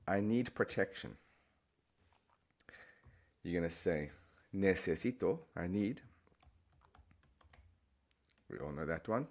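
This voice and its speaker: A man explaining a language lesson, patiently repeating words slowly for the learner. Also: deep voice, lively intonation. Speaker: Spanish teacher.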